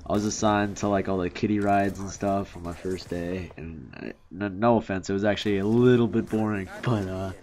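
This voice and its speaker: A man's voice: low voice, steady tone, a little fast, hardly any pauses, a little mellow. A young man telling stories in a casual, rambling commentary, full of fillers and restarts. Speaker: commentary youtuber. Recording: faint background noise.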